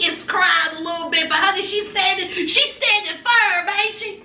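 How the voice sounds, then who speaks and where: A woman recapping a reality show episode in an animated, dramatic, gossipy way, recorded a little away from the mic in an echoey room. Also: very high-pitched, moderate pace, far from the mic. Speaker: reality TV reviewer.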